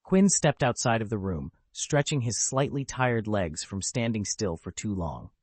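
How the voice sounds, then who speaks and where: A man narrates a fantasy novel with steady, expressive storytelling. His voice is low and husky, with a lively pitch range. The recording is dry and close. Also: a little slow, no echo. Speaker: audiobook narrator. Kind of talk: scripted narration.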